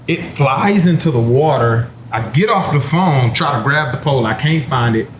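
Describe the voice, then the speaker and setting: A man's voice: mid-range voice, expressive, moderate pace. A man in his thirties from Texas spins a long personal story in an easygoing, conversational voice. He laughs often as he talks. The recording is roomy with a faint hum of the venue behind him. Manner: laid-back, laughing storyteller. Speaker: former NFL running back, panelist. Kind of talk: casual storytelling chat. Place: wine bar, indoors.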